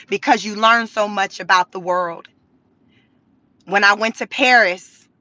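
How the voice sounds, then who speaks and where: A woman's voice: fairly high pitch, no echo. A woman vlogger telling stories in a car, talking casually with lots of slang, cursing and laughter. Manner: animated, profane, laughing, slangy. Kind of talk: casual storytelling to camera.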